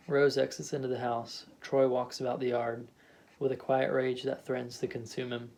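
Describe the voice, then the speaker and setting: Brief: male audiobook narrator, matter-of-fact stage directions, monotone. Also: mid-range voice, moderate pace, gravelly, slight background noise. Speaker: audiobook reader.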